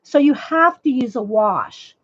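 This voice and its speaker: Woman, live-stream art tutorial, chatty and rambling, slightly high voice, crackly, muffled dry mic. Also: lively intonation, measured pace, no room sound. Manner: chatty, rambling, frequent restarts, reads viewer comments. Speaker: livestream art host. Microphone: desk microphone. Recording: dull dry lo-fi mic audio.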